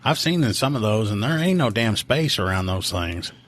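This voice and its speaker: A man, a police officer co-hosting a podcast, who tells stories in an animated way and acts out the quotes. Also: lowish voice, normal speed. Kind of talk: casual storytelling chat.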